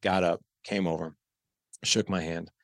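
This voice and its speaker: A man's voice: deep voice, fairly even intonation, a little slow, creaky, no echo, clean studio sound. A man in his thirties, a podcast guest, telling a candid personal story and acting out the dialogue. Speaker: podcast guest, parenting coach. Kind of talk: casual storytelling interview.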